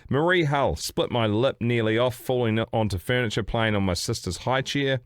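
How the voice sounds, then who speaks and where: A man's voice: mid-range voice, normal speed, clean tone, no room sound, clean studio sound. A man co-hosting a casual podcast, reading items aloud and cracking sweary jokes. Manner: joking, sweary, reading out a list with quips. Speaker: podcast co-host.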